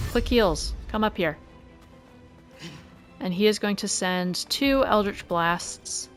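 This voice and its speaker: A woman doing let's play commentary, calmly calling out each move and roll of a turn-based game. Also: mid-range voice. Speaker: gaming video creator. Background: faint game music.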